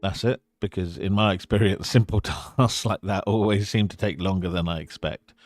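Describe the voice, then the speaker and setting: Low-voiced joking man streaming a game. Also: moderate pace, darkish tone, no echo, faint music behind. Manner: casual, joking. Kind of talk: let's play with read-aloud dialogue.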